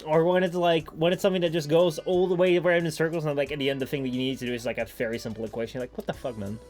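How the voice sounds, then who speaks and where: A young Dutch-accented man chats loosely to a live stream audience, piling up "like" and breaking into laughs. His voice sits a little high for a man. Soft music plays faintly in the background. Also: steady tone, very fast. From Netherlands. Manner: rambling, lots of "like", laughs often, sudden high squeaky bits.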